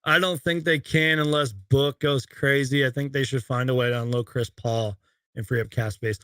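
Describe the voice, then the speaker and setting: A man's voice: mid-range voice, steady tone, moderate pace, fairly bright tone, no echo. A young man hosting a casual live Q&A stream from home, rambling chattily as he reads viewer questions. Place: home room with shelves of collectibles.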